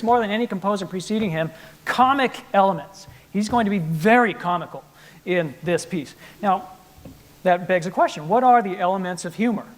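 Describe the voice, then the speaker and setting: A man playing piano in a trio, explaining the music to a live audience in an animated, playful lecture-demonstration. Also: high voice. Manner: animated, playful explainer acting out the composer's attitude. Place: concert hall with live audience.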